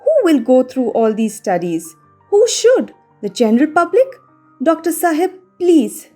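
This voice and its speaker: A woman's voice: fairly high pitch, animated, moderate pace, warm tone, faint music behind. A woman voicing a distraught young mother who pleads and sobs with guilt, her voice faltering. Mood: upset pleading.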